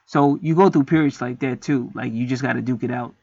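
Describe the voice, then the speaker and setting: A man's voice: mid-range voice, a little fast, gravelly, darkish tone, slightly rough, dry recording. A man talking in a rambling, profane, preachy casual monologue as host of a spiritual video. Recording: dry, dull lo-fi sound.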